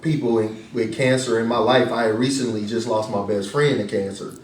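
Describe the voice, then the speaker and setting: A man casually retelling an emotional family story in slang-filled speech, animated as he quotes himself. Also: mid-range voice, normal speed, a little hiss or hum. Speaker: interviewee, husband of patient. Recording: roomy, distant mic with faint ambience.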